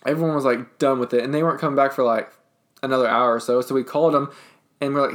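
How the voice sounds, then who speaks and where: A man talks fast in a loose, casual chat among friends. He rambles, trips over his words and restarts, padding his sentences with fillers. His voice sits at an ordinary middle pitch. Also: steady tone, fairly bright tone.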